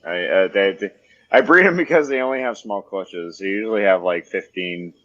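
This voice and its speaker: A man hosting his podcast in casual chat, excitable, swearing a lot and laughing often. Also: lowish voice, normal speed, dry recording, highs cut off. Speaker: podcast host, reptile keeper.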